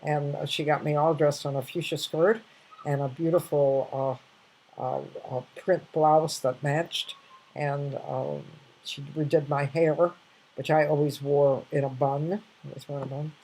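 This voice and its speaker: A woman's voice: low voice, flat delivery, measured pace, darkish tone, poor audio. An older woman casually sharing reflective anecdotes, rambling with many restarts and fillers.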